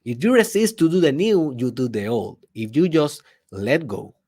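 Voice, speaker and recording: A man hosting a personal development podcast, speaking in an emphatic motivational monologue that swings between loud bursts and hushed asides, with rhetorical questions to the listener. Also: on the high side, lively intonation, moderate pace.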